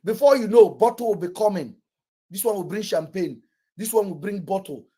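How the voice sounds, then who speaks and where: A man's voice: high voice, animated, moderate pace, dark tone, slightly rough. A man with a Nigerian accent, hosting a podcast and telling stories in a blunt, boastful way with frequent swearing. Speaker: podcast host. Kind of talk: casual storytelling chat.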